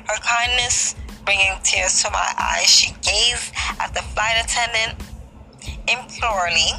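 Woman reading a book out loud, lively, bright tone, faint music behind. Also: fairly high pitch, poor audio. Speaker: book reader. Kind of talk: reading a memoir aloud.

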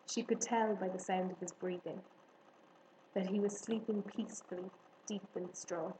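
A woman narrating a children's storybook in a measured, gentle manner. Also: mid-range voice, steady tone. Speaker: audiobook reader. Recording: roomy echo, faint hiss.

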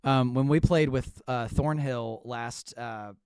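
A man's voice: medium pitch, a little slow, darkish tone, smooth, dry recording, studio quality. A young man hosting a podcast, chatting in a laid-back, slangy way. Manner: laid-back, slangy, says dude and bro. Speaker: podcast host. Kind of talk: casual podcast chat.

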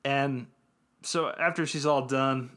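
This podcast co-host has a mid-range, fairly bright voice with fairly even intonation and a slow pace. He casually recaps an episode, rambling along with lots of ums and little laughs.

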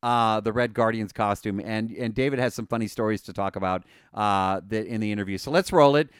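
A man co-hosting a podcast, talking casually and excitedly with many fillers and restarts. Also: on the low side, a little fast, clear, resonant tone, dry recording, studio quality. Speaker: podcast co-host.

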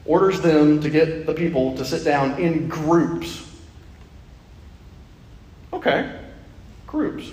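A man preaching a lively sermon, his high voice swinging up and down as he jokes and acts out bits of the story. He sounds set back from the mic, with a long echo rolling around the church hall. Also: a little hiss or hum. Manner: playful, animated preaching with acted-out asides. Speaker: pastor. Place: church sanctuary. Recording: echoey hall, mic from a distance.

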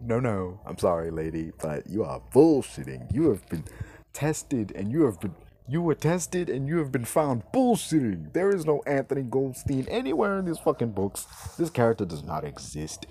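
A man rants into his podcast mic, swearing freely and dripping with sarcasm. His voice sits in a middle pitch but leaps and dips with lively, animated swings. He sounds thoroughly exasperated. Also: slight background noise. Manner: profane, exasperated, sarcastic ranting. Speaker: podcast host. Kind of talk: ranting podcast commentary.

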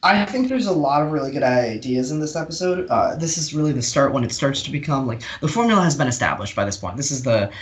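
A man in a relaxed podcast chat tells an episode plot step by step, filling pauses with plenty of ums and uhs. His voice sits at an ordinary middle pitch. He is also a magician. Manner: steady storytelling with many fillers. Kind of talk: casual recap chat.

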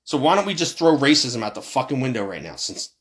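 A fired-up man rants straight into the camera. He swears constantly, and his voice leaps up sharply before sinking back down. His voice sits at a middling pitch. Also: big pitch swings, fast, a bit bright. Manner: profane, fired-up and passionate, voice jumping high then dropping low. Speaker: commentator. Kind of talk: heated political rant.

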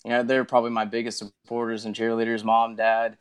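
A man's voice: medium pitch, completely flat delivery, a little fast, smooth. A young man as a guest on a casual podcast, modest and full of fillers like you know and um. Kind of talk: casual interview talk.

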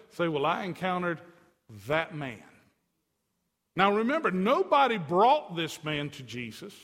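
A man preaching a sermon as a pastor, animated, swinging his pitch and loudness up and down, with asides to the congregation. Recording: long hall reverb.

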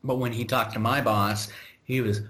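This American podcast host's medium-pitched voice keeps a steady tone and moderate pace, with background noise present. He casually tells a work story, rambling and exasperated, with many restarts and asides.

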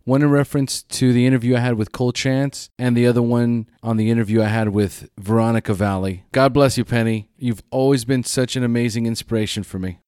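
A man's voice: medium pitch, fairly even intonation, brisk, few pauses, darkish tone, smooth, no echo, studio quality. A man hosting a podcast, earnestly thanking his family and listeners. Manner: earnest, grateful. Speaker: podcast host.

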